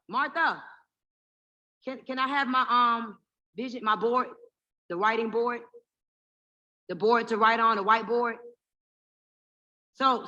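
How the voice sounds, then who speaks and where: A woman hosting a live motivational event, speaking in an animated, preacher-like way and calling out to the crowd for response. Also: a little high, highs cut off. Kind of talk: lively stage talk with call and response. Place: live event in front of an audience.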